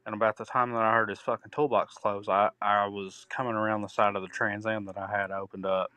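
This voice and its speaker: A man's voice: lowish voice, little pitch movement, a little fast, sharp tone, clean tone, no echo. Profane man telling a story. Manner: profane, rambling, acts out quoted arguments. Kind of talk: casual storytelling.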